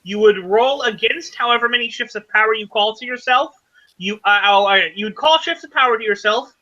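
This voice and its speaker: A man running a tabletop game as game master, explaining rules haltingly with many fillers. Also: high voice, sharp tone, dull audio.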